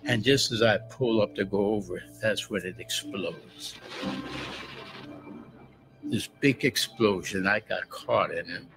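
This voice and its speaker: Gravelly elderly man recounting war memories. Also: fairly low pitch, measured pace, pauses often, low-quality recording. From United States. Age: 90s. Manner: vivid, plain-spoken storytelling. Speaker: war veteran interviewee. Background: background music.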